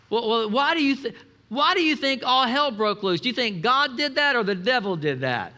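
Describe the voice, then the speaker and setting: A man preaching a lively sermon as pastor, with asides to the congregation and acted-out quotes. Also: very high voice, a little fast.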